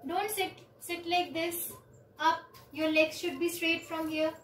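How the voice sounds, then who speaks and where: A woman, teaching children yoga on a video call with slow, clear instructions and counting. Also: very high-pitched, little pitch movement, fairly bright tone, a little hiss or hum. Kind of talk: online yoga class for children. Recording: roomy, distant from the mic.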